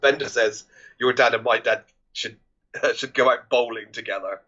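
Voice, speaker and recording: A man's voice: mid-range voice, moderate pace, sharp tone. A man co-hosting a podcast, casually retelling film scenes and quoting the characters, with lots of restarts. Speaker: podcast co-host. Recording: dull lo-fi podcast audio.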